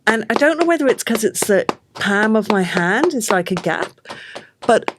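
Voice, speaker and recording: A middle-aged woman from Australia, a baby sleep consultant hosting a casual chat and acting out quotes with big jumps in pitch. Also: sing-song, moderate pace, noisy background.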